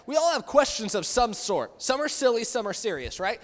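A man's voice: very high voice, big pitch swings, moderate pace, big-room sound. A young man, a youth pastor, giving a casual, conversational sermon with many fillers and restarts, in a church meeting room.

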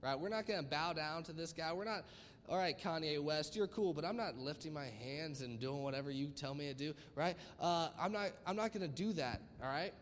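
A man's voice: a little high, lively intonation, a little fast, long reverb tail, a little hiss or hum, voice pushed down, natural voice. A man voicing three defiant young men who bluntly refuse a king. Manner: blunt, dismissive.

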